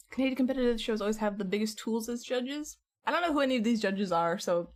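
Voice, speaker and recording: A woman streamer chatting casually with her viewers from home, rambling along and laughing often. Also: on the high side.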